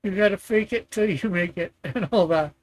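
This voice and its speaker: A man hosting a casual live stream, rambling in a relaxed way and laughing often while he talks. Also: sits high, normal speed.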